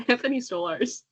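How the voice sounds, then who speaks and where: A woman's voice: fairly high pitch, a bit bright. A woman co-hosting a casual podcast, chatty and laughing often, stumbling over names as she reads them out. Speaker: podcast co-host. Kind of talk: casual chat.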